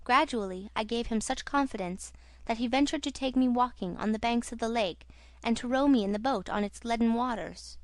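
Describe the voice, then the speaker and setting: Woman, audiobook narrator, theatrical horror reading, higher voice, dry booth sound. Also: brisk, dry recording. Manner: expressive, theatrical.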